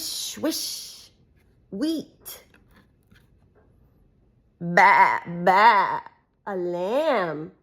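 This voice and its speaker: A woman reading a farm animal picture book aloud to a small child, making the animal sounds in a sing-song way. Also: medium pitch. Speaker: reader for a child.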